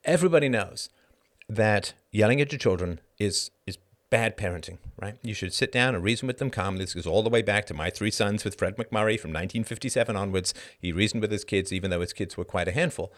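A man's voice: lowish voice, quick pace, a bit bright. Emphatic, sarcastic middle-aged man commentating. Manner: sarcastic, emphatic, voice rises sharply when indignant. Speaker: podcast host. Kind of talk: live-stream commentary reading an article.

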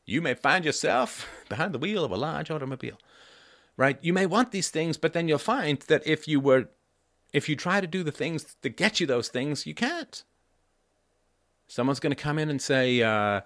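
A man in his fifties hosting a solo livestream, talking in a lively way and jumping up in pitch for emphasis and mock voices. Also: moderate pace, no room sound, clean studio sound. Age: 50s. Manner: rhetorical repeats, asks "right?". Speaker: livestream host. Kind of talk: solo political commentary.

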